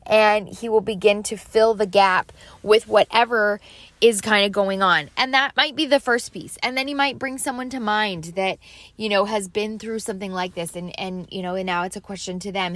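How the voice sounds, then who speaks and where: A woman's voice: medium pitch, moderate pace, a bit bright, dry recording. Chatty woman in a dry close-mic recording. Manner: chatty, rambling, self-deprecating, laughs easily. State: slight allergy cough. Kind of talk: casual faith-based advice talk.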